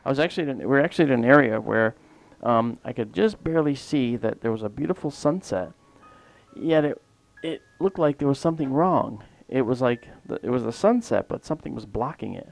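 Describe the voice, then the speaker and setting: A man's voice: mid-range voice, lively intonation, fairly quick, gravelly. A man hosting a livestream and telling a long personal story in a casual, rambling way that often trails off mid-sentence. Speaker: livestream host.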